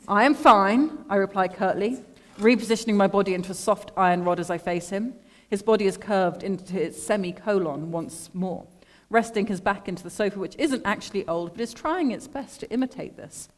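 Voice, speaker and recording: A woman reads her own prose at a microphone in a lecture room. Her delivery is measured, dry and deadpan, and she sounds calm and composed throughout. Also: medium pitch. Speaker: artist reading her own text. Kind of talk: literary reading to an audience. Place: lecture room at an art school.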